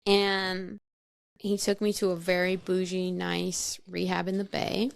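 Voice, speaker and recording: A woman's voice: lowish voice, completely flat delivery, unhurried, creaky, smooth, no echo, clean studio sound. A woman recounting her past as a podcast guest, frank and matter-of-fact, laughing at herself and peppering her talk with "like". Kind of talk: candid personal storytelling.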